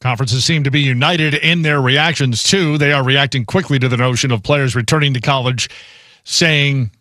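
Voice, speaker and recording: A man anchoring a sports news segment, reading a script in a measured way. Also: mid-range voice, sharp tone, no room sound, studio quality.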